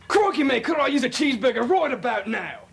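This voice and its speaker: Sketch bit: eager dimwit played by a man, gravelly fake-Aussie voice, high and bouncy, quick. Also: big pitch swings, fairly bright tone, heavily acted. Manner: fake Australian accent, eager. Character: dim crew member with one bad accent.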